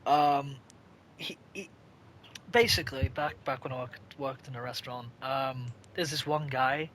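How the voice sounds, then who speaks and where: A man's voice: medium pitch, unhurried, a bit bright, a little hiss or hum. A young man in casual chat, telling rambling shop stories with swearing and laughter. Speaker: podcast co-host.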